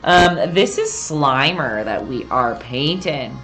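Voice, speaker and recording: A woman's voice: very deep voice, expressive, slow, a bit bright, soft background music. A woman giving a casual, rambling live-stream painting lesson, chatty and self-deprecating, often giggling.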